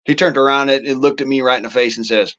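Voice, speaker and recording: A man's voice: mid-range voice, fairly even intonation, fast talker, a bit bright, dull audio. A man hosting a casual political monologue, talking in a rambling, profane way with folksy turns of phrase. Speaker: show host.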